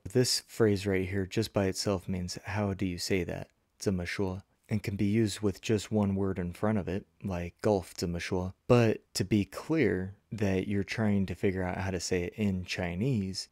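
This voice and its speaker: Low-voiced man teaching a language lesson. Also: darkish tone, no echo, studio quality. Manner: slow, careful modeling of phrases. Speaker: Mandarin teacher.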